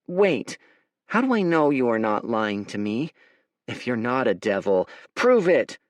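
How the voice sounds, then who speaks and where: A man voicing a frightened, hostile young village boy who shouts accusations. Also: expressive, slow, dry recording, full character voice. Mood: defiant. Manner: shrill, panicky, accusing.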